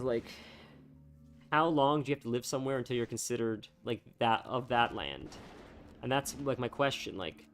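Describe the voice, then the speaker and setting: With a medium-pitched voice, a young man talks loosely to his live-stream audience. He stumbles along, restarting sentences and leaning heavily on filler words.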